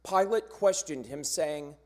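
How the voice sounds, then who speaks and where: A man narrating a church cantata in a measured, solemn storytelling manner, posing rhetorical questions as he goes. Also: a little high. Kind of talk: scripted dramatic narration. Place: church sanctuary during a choir performance.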